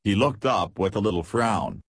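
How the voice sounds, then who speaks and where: A man narrating an audiobook in a steady, measured reading. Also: fairly low pitch, breathy edge, no room sound.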